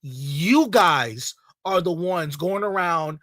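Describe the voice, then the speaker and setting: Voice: medium pitch, expressive, slow pace, fairly bright tone, dry recording. A video creator ranting in a heated, profane way, repeating points over and over. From Latino community in the United States. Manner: angry, profane, repetitive rant.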